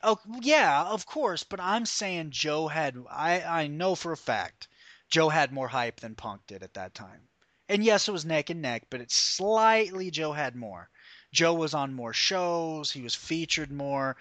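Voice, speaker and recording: Male podcast host, higher-pitched, dry close sound; brash, profane, opinionated, argues hard in loose chat. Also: unhurried, dry recording. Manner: animated, often mimics people mid-story.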